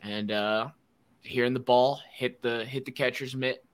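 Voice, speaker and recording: A podcast host chatting casually, telling animated stories and mimicking people's voices. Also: male voice, mid-range voice, measured pace, smooth. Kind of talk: casual chat.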